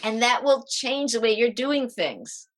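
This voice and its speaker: A middle-aged woman, a parenting coach, explaining calming techniques as a podcast guest in a lively way and acting out the steps. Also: on the high side, measured pace. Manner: lively, demonstrating exercises as she explains.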